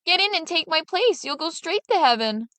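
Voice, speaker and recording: A woman's voice: animated, moderate pace, dry recording. Little Claus, a woman doing a cheeky young farmer. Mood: pleading. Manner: bright, high and eager.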